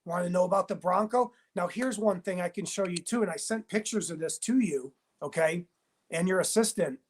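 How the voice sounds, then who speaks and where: A man speaking in a heated interview as a whistleblowing TV producer, emphatic and insistent, talking in rapid bursts and repeating himself. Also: high voice, husky. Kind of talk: heated interview, phone-style conversation.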